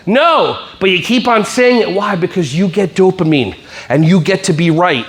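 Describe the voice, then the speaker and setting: A man's voice: high voice, expressive. A man giving a comedic, motivational talk to school staff, teasing the audience and acting out kids and teachers. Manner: playful, teasing, acts out kids and teachers in quick voices. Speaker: speaker at a staff wellness workshop.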